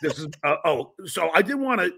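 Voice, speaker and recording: A New York-accented man hosts a casual podcast, talking in a loose, rambling way. His voice is fairly high and gravelly, with a bright, sharp edge. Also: very animated, a little fast. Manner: loose, rambling, reads out fan messages. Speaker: podcast host.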